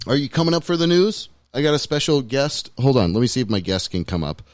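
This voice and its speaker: A man hosting a podcast on his own, talking in a loose, rambling, offhand way as he cues up clips. His voice sits at an ordinary middle pitch. The studio sound is dry and close. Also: very animated, quick pace, no echo. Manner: loose, rambling, self-deprecating. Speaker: podcast host. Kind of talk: casual talk show chat. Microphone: studio mic.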